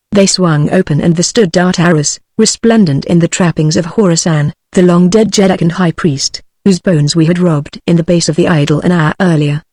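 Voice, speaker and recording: A text-to-speech voice of a British woman reading a novel aloud in first person, with a steady machine cadence. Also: lowish voice, no room sound. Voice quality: synthetic, even machine cadence. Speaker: audiobook narrator.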